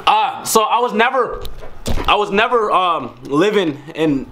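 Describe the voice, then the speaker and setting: A man's voice: high-pitched, animated, measured pace, pushed and bright, a little hiss or hum. A young man from Georgia in the US, rambling in slang to the camera at home and restarting his sentences. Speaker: vlogger. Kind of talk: casual chat to camera. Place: at home indoors.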